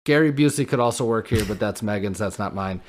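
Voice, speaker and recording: A man co-hosting a casual podcast, joking and laughing through animated banter. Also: on the low side, fast talker. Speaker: podcast co-host. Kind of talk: casual chat.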